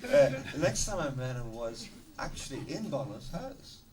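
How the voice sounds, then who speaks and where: A middle-aged man, a musician guest in an interview, telling stories in a lively, laughing, swearing manner. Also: mid-range voice, normal speed, crowd noise. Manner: animated, swearing, laughing storyteller. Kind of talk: casual storytelling interview. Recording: distant mic with noticeable background noise.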